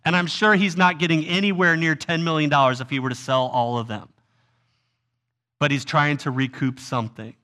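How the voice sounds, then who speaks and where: A man's voice: a little high, steady tone, moderate pace, bright, forceful tone. A man preaching a sermon as a pastor, telling a story with feeling and acting out voices of people pleading.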